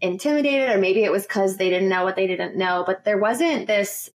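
A woman hosting a casual podcast interview, upbeat and affirming, asking quick questions. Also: mid-range voice, a little hiss or hum. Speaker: podcast host.

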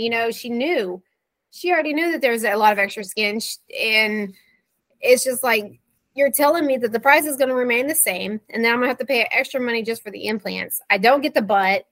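Woman in her 30s telling her story, kinda exasperated, laughs it off, high-ish voice. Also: a little fast, fairly bright tone, no echo. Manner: recounting messages, quoting back and forth. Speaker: guest. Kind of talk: interview storytelling.

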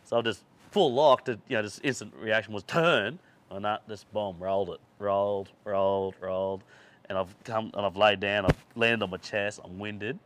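A man with a fairly low voice, hosting a relaxed podcast chat. He spins his stories loosely and swears freely, often laughing along as he talks. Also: normal speed, a little hiss or hum. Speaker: podcast host. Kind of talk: casual chat, rambling anecdote.

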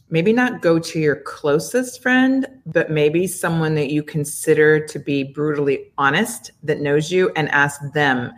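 A woman co-hosting a relationship podcast, talking casually in a thoughtful, advising way. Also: low-pitched. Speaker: podcast co-host.

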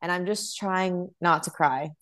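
Chatty young woman, a bit low. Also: a little slow, slight background noise. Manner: chatty, animated storytelling. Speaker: guest, professional dancer. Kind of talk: casual interview chat.

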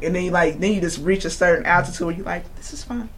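A woman's voice: fairly low pitch, fairly even intonation, racing. A young woman casually telling a story as a podcast co-host. She swears freely and acts out her own quotes.

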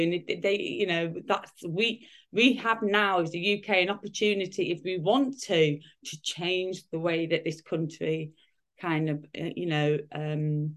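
Woman in her fifties, rambling. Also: lowish voice. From United Kingdom. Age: 50s. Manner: rambling, many restarts and fillers. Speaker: guest. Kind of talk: casual interview chat.

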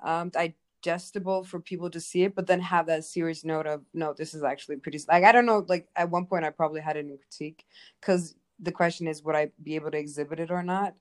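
A woman's voice: lowish voice, brisk. A young woman artist of Kurdish background talking casually and expressively, with many fillers. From Kurdish family background. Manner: animated, expressive, lots of fillers. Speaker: art teacher and painter. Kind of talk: casual conversation.

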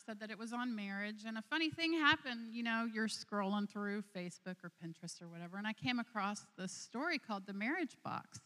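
A woman in her forties speaking at a church service, telling stories at a slow, deliberate pace. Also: on the high side, sharp tone. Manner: slow storytelling, acts out characters in a joke. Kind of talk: sermon with a told joke. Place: church sanctuary. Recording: long reverb of a large hall.

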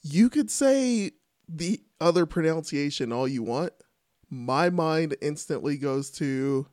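Slow, lively-pitched chatty co-host, dry sound. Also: dry recording. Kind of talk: casual chat.

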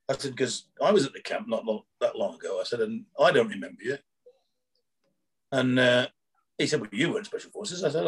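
A man's voice: medium pitch, slightly rough. A man, a former prison officer, telling rambling anecdotes in casual chat, acting out quoted dialogue with chuckles.

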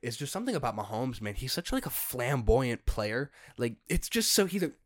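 A young man hosting a solo podcast, ranting in an exasperated way with sudden loud outbursts. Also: mid-range voice, sing-song, a little fast, dry recording, clean studio sound. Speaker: podcast host.

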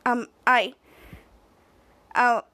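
Girl doing a flustered stammery hero girl, high voice. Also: fairly even intonation, drawn-out words, bright, forceful tone, no room sound, full character voice. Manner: stammering, defensive.

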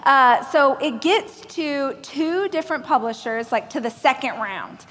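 A woman from Oklahoma giving a keynote speech on a large stage, telling stories with animated, self-deprecating humor. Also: sits high, unhurried. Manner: animated storytelling, acting out other people's lines. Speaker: motivational speaker. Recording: reverberant hall from a stage.

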